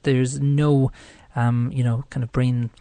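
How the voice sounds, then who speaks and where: A man's voice: medium pitch, little pitch movement, takes it slowly, dark tone, no room sound. A man with an Irish accent hosting a live radio show, talking in a chatty, rambling way. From Ireland. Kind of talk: casual live radio talk.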